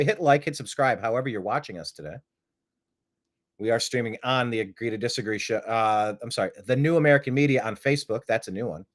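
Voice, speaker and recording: A man hosting a live-streamed talk show, rambling through opinionated commentary and throwing out rhetorical questions. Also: medium pitch. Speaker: host.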